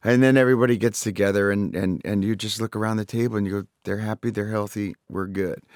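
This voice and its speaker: A rock singer on the low side of the range, with a steady, slightly mellow tone, talks fast as a guest in a studio interview, recorded dry. Still recovering his voice after vocal surgery, he speaks candidly, swearing freely and repeating words while he searches for them.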